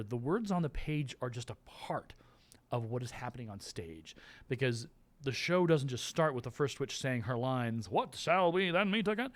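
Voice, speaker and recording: A man teaching a class, explaining the staging of a play in a loose, rambling way, with restarts and playful voices. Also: medium pitch.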